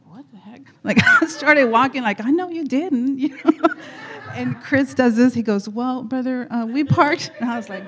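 A woman's voice: mid-range voice, darkish tone. A woman telling a personal story at church, chatty and rambling with frequent laughs. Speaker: guest speaker at church. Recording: echoey hall.

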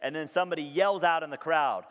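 A man's voice: fairly high pitch, fast talker, fairly bright tone, lo-fi sound. A man preaching a sermon to his congregation in a church, speaking emphatically and often checking in with them. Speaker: pastor. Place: church sanctuary. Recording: long reverb of a large hall.

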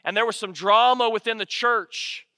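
A man's voice: high voice, fairly even intonation, normal speed, creaky, sharp tone, no room sound, studio quality, big-room sound. A man from Alabama, preaching a sermon as pastor, earnest and repeating key lines for emphasis. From Alabama, United States.

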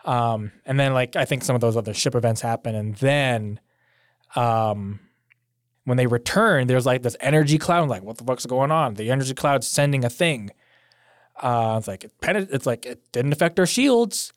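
A man's voice: mid-range voice, animated, moderate pace, dry recording, clean studio sound. A man chatting casually as a podcast co-host, swearing freely and laughing often. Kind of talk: casual recap chat.

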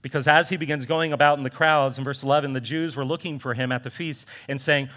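A man preaching a sermon as a pastor, animated and conversational, repeating phrases for emphasis and making asides to his congregation. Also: medium pitch, fast, hardly any pauses.

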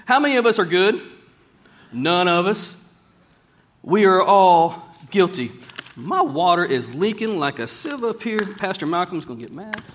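High-voiced preacher. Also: male voice, big pitch swings, a bit bright. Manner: folksy, plain-spoken, slows down to read scripture aloud. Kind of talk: sermon. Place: church.

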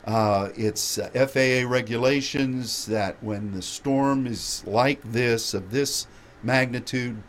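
A man's voice: medium pitch, slow, slight background noise, natural voice. A man voicing a young male airport staffer making a formal, apologetic announcement.

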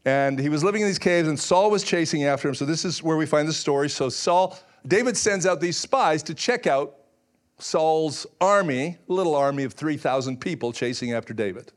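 A man delivers a sermon as pastor, his voice sitting a little higher than most men's. He walks through scripture in an easygoing, conversational way, leaning on filler words. He drops in dry, humorous asides as he goes. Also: expressive, moderate pace.

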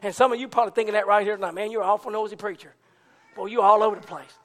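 High-pitched preacher guy, pentecostal sermon, goes from low talk to full-on shouting. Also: steady tone, racing. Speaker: pastor.

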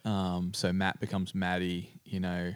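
A man with an Australian accent, chatting casually as a podcast co-host, relaxed with plenty of fillers and restarts. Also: sits low, a little slow, clean tone, no room sound. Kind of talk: casual chat.

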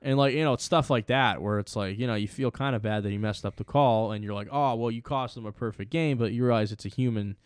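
A man's voice: medium pitch, fast talker, hardly any pauses, clean tone, dry recording. A young man co-hosting a podcast, talking sports in a chatty way, full of "you know" and "like". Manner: chatty, many fillers and restarts. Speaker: podcast co-host. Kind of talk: casual sports chat.

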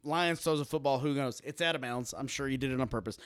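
A man's voice: mid-range voice, quick pace. A man co-hosting a casual chat, teasing, laughing often and swearing.

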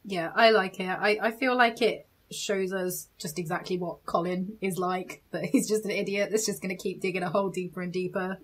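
A woman's voice: on the low side, steady tone, fairly quick, few pauses, fairly bright tone, breathy edge. Frank, giggly young British woman. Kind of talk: casual film review chat.

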